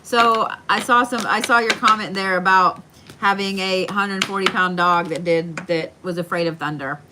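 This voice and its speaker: A woman giving a live tarot card reading from home, speaking slowly and soothingly and repeating her reassurances. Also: medium pitch, fairly even intonation, noisy background. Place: home, indoors.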